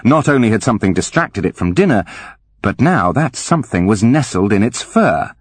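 A man narrating an audiobook with wry, animated storytelling. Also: lowish voice, normal speed, slightly rough, no echo. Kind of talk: scripted narration.

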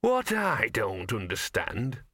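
A man's voice: fairly low pitch, huge pitch swings, takes it slowly, bright, forceful tone, dry recording, studio quality, heavily acted. A man voicing a cynical, scruffy talking male dog in a storybook reading, with a sardonic, streetwise grumble. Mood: grumbling.

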